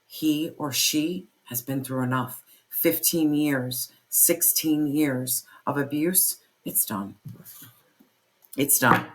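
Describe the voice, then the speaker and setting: Tarot reader, spoken reading, intense, emphatic, profane, repeats phrases, mid-range pitch. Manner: fiery, pep-talk delivery.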